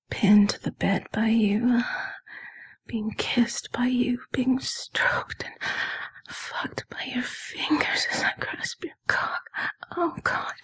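A woman in a whispered role-play, speaking in a breathy, intimate whisper broken by soft moans. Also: on the high side, low-quality recording. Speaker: erotic audio narrator.

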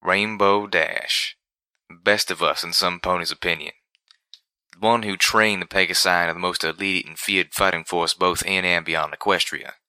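A folksy young pegasus stallion, voiced by a man for a storybook. He speaks low with a bright, sharp edge, stretching his words in an easygoing country way. The reading is dry and close. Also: steady tone, moderate pace, clear, resonant tone, no room sound. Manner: folksy country talk, drawn out. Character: young male pegasus pony, folksy and boastful.

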